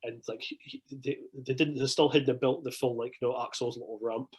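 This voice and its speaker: A Scottish man chatting as a podcast guest, spinning an excitable story full of swearing and false starts. His voice is husky and sits in a middling pitch. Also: fairly quick, poor audio. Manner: excitable, swears often, many restarts. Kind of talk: casual chat, storytelling.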